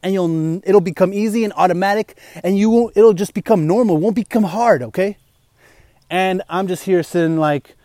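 A man's voice: high voice, normal speed, warm tone, no room sound, clean studio sound. A young man talking as a fitness vlogger in a rambling, slangy way, full of "you know" and "bro". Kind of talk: casual chat.

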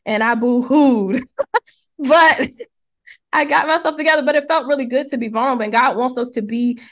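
A young woman co-hosting a casual faith podcast, telling a personal story in a lively way and acting out the voices she quotes. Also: high voice, normal speed. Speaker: podcast co-host.

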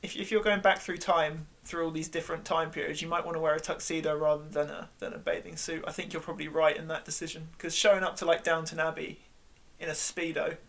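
A man's voice: fairly high pitch, little pitch movement, fast, hardly any pauses, a bit bright. Chatty man with a lightly raised voice. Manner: chatty, rambling with restarts and fillers. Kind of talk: casual chat.

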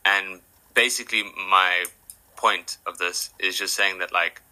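A man's voice: low voice, fairly even intonation, unhurried, pushed and bright, poor audio. A man who is a podcast guest, telling stories in a casual, rambling way with lots of fillers. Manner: rambling, filler-heavy, acts out quoted people. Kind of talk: casual storytelling chat.

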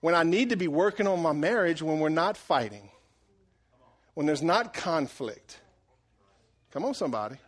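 A middle-aged man preaching a sermon, animated and joking, swinging between loud and hushed delivery. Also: a little high, moderate pace, pauses often. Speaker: pastor.

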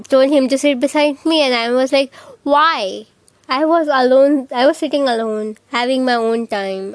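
A woman's voice: on the high side, dry recording, poor audio. A young woman with an Indian English accent, telling a school story to her channel in a chatty, rambling, self-mocking way. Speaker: vlogger. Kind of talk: casual storytelling to camera.

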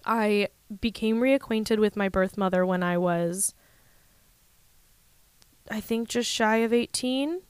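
Woman chatting candidly, smooth clear voice, dry close sound, laughs a lot. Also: medium pitch, slow, pauses often, no echo. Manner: candid, laughs often, quotes people in voices. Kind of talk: casual conversation.

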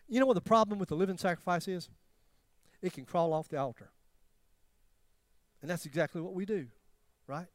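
A man preaching a sermon, swinging between loud emphatic questions and near-whispered tenderness, with self-deprecating humor. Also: high voice, animated, a little fast, no room sound, clean studio sound. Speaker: pastor.

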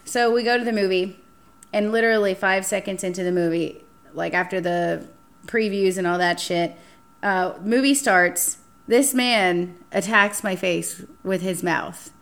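A young woman hosting a casual podcast chat, telling a dating story with lively acted-out quotes and frequent swearing. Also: mid-range voice, unhurried. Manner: animated, acts out quotes, swears freely. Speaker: podcast host.

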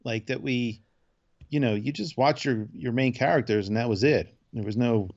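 A man chatting casually on a podcast, retelling scenes in a relaxed, rambling way with quick put-on character voices. His voice sits at a middling pitch. The sound is a bit dull and lo-fi. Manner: loose, laid-back storytelling with quick impressions of characters. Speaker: podcast co-host. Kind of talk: casual chat recapping a TV episode.

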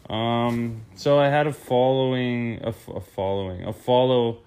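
A man's voice: mid-range voice, steady tone, measured pace, darkish tone, clean tone. A young man hosting his own podcast, rambling casually, interrupting himself and swearing freely. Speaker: podcast host. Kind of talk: rambling solo podcast monologue.

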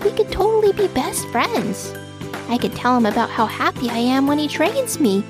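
A woman voicing a timid, insecure little pet rock that speaks in a shaky, halting way in a storybook reading. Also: sits high, big pitch swings, over music, voice pushed up. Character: timid shy pet rock, small and unsure.

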